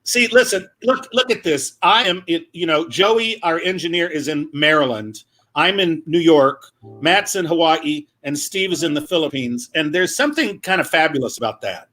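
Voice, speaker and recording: A male comedian on a video call, telling stories in a lively chatty way with quick asides. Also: a little high. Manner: animated, quick asides, acts out quoted voices. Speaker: comedian guest. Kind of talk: casual comic storytelling.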